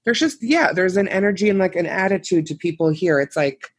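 A woman's voice: lowish voice, animated, fairly quick, breathy edge, no echo. A woman from Boston hosting a podcast, talking effusively and swearing casually. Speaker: podcast host.

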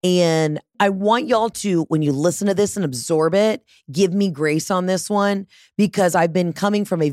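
A woman hosts a podcast and tells a story casually, with lots of swearing and animated jumps in tone. Her voice sits low for a woman, and the recording is dry and close, with no room sound. She mocks herself as she goes. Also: no echo. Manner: animated, profane, self-mocking. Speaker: podcast host.

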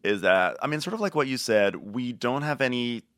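A man co-hosts a podcast, chatting casually and rambling with plenty of fillers. His mid-range voice has lively intonation and a fairly bright tone at a moderate pace. The studio-quality recording has no room sound.

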